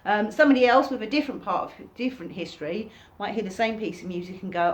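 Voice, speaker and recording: A woman giving an informal recorded workshop lesson, talking casually and acting out reactions in sudden high bursts. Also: lively intonation, fast talker, hardly any pauses. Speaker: workshop teacher.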